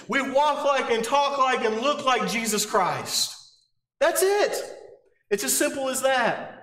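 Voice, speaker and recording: A man's voice: high-pitched, a bit bright. A man preaching a sermon, emphatic and conversational, with rhetorical questions. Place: church sanctuary. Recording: echoey church hall.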